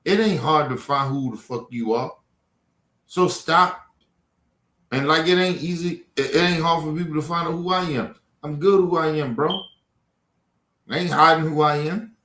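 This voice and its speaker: A man's voice: a little high, normal speed, long pauses, pushed and bright. A man hosting a livestream, confronting trolls in the chat in a heated, profane rant. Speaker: livestream host. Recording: echoey room.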